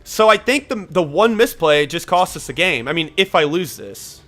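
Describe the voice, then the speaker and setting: A man commentating his own card game match as he plays, thinking aloud, getting excited and swearing when frustrated. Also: a little high, normal speed. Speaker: gameplay commentator. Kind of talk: live gameplay commentary.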